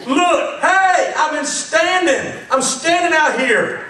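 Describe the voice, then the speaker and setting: A man's voice: extremely high pitch, slow, pushed and bright, slight background noise, voice pushed up, heavily acted. A male preacher voicing God as an earnest figure calling out through a door. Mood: pleading. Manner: urgent, emphatic. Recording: echoey hall, distant mic.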